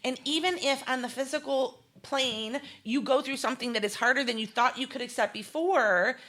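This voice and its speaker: A middle-aged woman speaking as an interview guest in an earnest, emphatic way, with a bright, forceful voice. She pitches slightly above most women, laughs often and acts out the lines she quotes. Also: moderate pace. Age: 40s or 50s. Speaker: guest, holistic chef. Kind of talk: candid interview talk.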